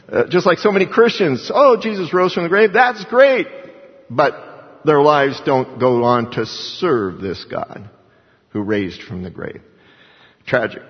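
A man preaching a sermon in a casual, conversational way, jumping up in pitch when he acts out quotes. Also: husky, big-room sound, highs cut off. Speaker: pastor.

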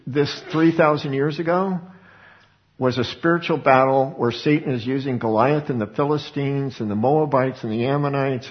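A man's voice: medium pitch, creaky. A middle-aged man preaching a sermon in a conversational way, often restarting his words. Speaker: pastor. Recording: dull lo-fi recording.

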